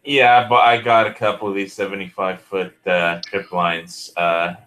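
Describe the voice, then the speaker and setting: Deep-voiced rambling man. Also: little pitch movement, measured pace, a bit bright, rough recording. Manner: rambling, full of fillers like "you know". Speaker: panelist. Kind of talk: casual online panel chat.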